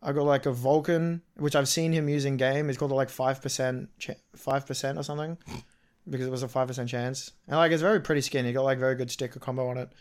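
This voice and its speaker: A man's voice: mid-range voice, fairly even intonation, fast talker. A man, co-hosting a casual podcast and telling a long story in a chatty way, often acting out what others said. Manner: chatty storytelling, quotes people in reported speech. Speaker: podcast co-host. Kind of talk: casual chat.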